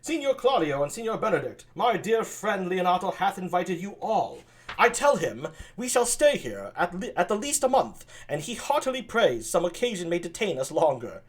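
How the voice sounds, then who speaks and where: A man's voice: high-pitched, big pitch swings, normal speed, pitched above the performer's own voice. A man reading aloud and voicing a confident, hearty prince in a declamatory way.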